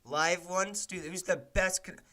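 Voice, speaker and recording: A man's voice: sits high, steady tone, normal speed, pushed and bright. A man live-streaming as he codes a game, casually muttering code terms and breaking into frustrated, profane rants. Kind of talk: casual live-stream commentary while coding.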